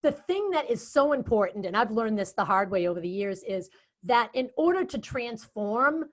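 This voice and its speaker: Chatty Boston-accented woman, slightly high voice. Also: normal speed. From Boston area. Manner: chatty, animated storytelling with quoted asides. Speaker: guest speaker and event moderator. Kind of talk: casual interview chat.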